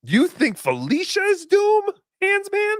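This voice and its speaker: A man's voice: extremely high pitch, huge pitch swings, a little slow, dry recording, clean studio sound. A man hosting a casual livestream, reading chat donations aloud in a rambling, joking, self-deprecating way.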